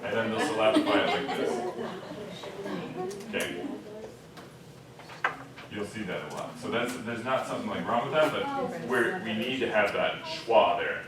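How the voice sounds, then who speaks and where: A man teaching a diction class. He explains patiently, keeps checking in with "okay?" and "right?", and slowly chants example lines. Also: lowish voice, a loud crowd. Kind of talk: classroom lesson. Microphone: far room recorder. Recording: echoey classroom from far off, class murmur.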